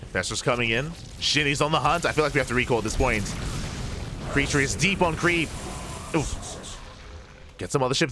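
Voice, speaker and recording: A man casting a live strategy game match, calm in his play-by-play and bursting with excitement when the fights break out. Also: medium pitch, brisk, long pauses, noisy background. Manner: excitable, rising sharply in big moments. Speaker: esports caster.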